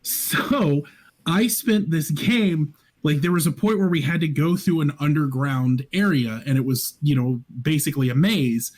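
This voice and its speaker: A man talking as a guest on a podcast over a voice call, sharing a gaming story in a relaxed, hesitant way. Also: a little high, unhurried. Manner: relaxed, hesitant, many fillers. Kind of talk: casual chat.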